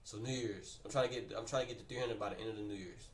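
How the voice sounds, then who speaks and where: A man on a livestream telling a story in a casual, animated, slangy way, often repeating his phrases, recorded in a roomy space away from the mic. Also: lowish voice, very fast, far from the mic, slight background noise. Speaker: streamer.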